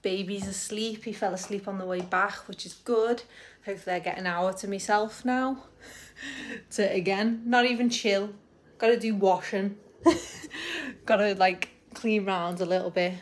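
A woman's voice: mid-range voice, moderate pace. A young woman, a new mum, chatting casually to her vlog camera at home, giggly and dropping the odd mild swear. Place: at home indoors.

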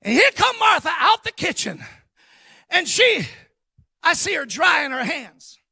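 Male guest preacher; bright, forceful tone, dry sound; shouts and fast asides. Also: extremely high pitch, big pitch swings, vocal fry, no room sound. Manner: emphatic storytelling, bursts of shouting and rapid asides. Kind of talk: sermon.

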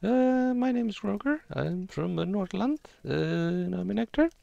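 A man voicing a young male actor who is chatty and verbose, speaking in a raised, higher voice. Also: animated, normal speed, creaky, mellow, no echo, highs cut off, heavily acted. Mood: friendly. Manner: raised, higher-pitched friendly voice.

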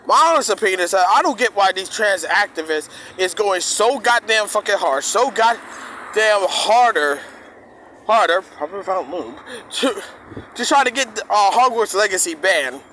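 A man's voice: sits high, animated, normal speed, bright, forceful tone, a little hiss or hum. A man delivering a heated, profane rant to his viewers, repeating himself and restarting his sentences often. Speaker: streamer ranting to his audience.

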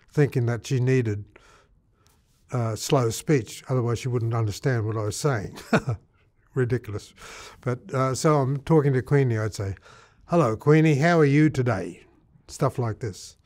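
A man's voice: medium pitch, darkish tone. Older man from Australia telling stories. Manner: rambling, with fillers and repeated words. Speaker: interviewee. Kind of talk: storytelling life story.

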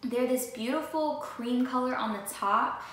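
A woman's voice: high voice, a little slow, fairly bright tone. A young woman vlogger chatting casually and with lots of energy, talking straight to her viewers about her new sneakers. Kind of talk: casual sneaker haul chat. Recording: echoey room with faint noise.

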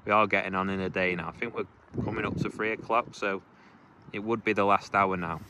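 A man's voice: lowish voice, fairly even intonation, fairly quick, sharp tone. A man filming and commentating a fishing challenge outdoors by a lake, chatty and encouraging, shivering in the cold. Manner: chatty, encouraging, gives timings. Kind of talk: casual commentary and chat. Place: outdoors at a lakeside, kneeling in mud. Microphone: handheld camera mic. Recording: outdoor background noise.

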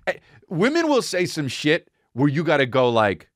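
A man's voice: fairly high pitch, huge pitch swings, moderate pace, no room sound, clean studio sound. A man hosting a podcast, telling a crude, rambling comedic story. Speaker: podcast host.

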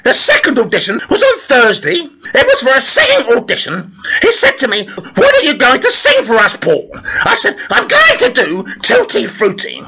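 A man's voice: very high voice, wildly swooping pitch, moderate pace, bright, forceful tone, husky, rough recording. A man delivering a theatrical comic monologue as an actor vlogger, over-the-top and sing-song, laughing as he talks. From London.

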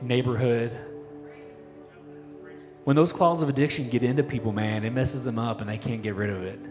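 A middle-aged pastor preaches in a casual, conversational way, dropping "like" and "you know" as he goes. His mid-pitched voice carries a long church reverb, with faint worship music underneath. It sounds like a live sermon recorded in the sanctuary. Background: faint worship band music.

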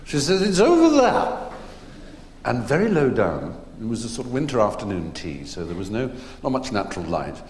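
A man's voice: on the low side, big pitch swings, fairly quick, hardly any pauses. A middle-aged English man telling rambling anecdotes to a live audience, with many fillers and restarts. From England. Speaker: guest performer. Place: theatre stage. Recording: echoey hall, faint noise.

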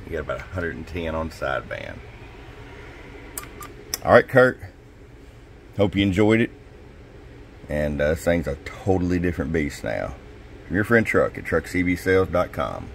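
A man with a slightly hoarse voice, casually walking through a demo at his radio workbench, dropping in fillers and a tag of "okay?". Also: deep voice, animated, normal speed, pauses often, slight background noise. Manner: casual, folksy, drops in "okay?" and "uh". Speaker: CB radio shop technician. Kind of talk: casual product demo narration.

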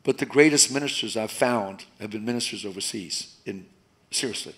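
A man preaching a sermon as pastor, shifting between loud emphatic passages and quiet, hushed moments. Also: fairly low pitch, moderate pace. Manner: animated preaching, rising loud and dropping to soft.

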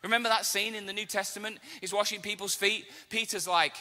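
A man preaching a sermon as pastor, telling stories with casual asides and lively acted quotes. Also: high voice, fairly quick, in a large hall. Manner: animated storytelling, casual asides. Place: church auditorium.

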